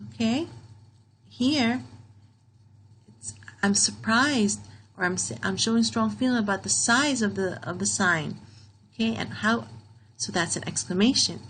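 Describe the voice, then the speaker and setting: A woman teaching a grammar lesson to young pupils, speaking slowly and patiently and repeating key phrases. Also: mid-range voice, a bit bright, a little hiss or hum, poor audio. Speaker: primary school teacher.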